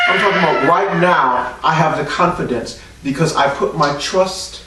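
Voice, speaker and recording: A man preaching a sermon as pastor, leading the congregation in call-and-response and rising at times to shouts. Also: fairly high pitch, moderate pace, heavy reverb, distant mic, very noisy.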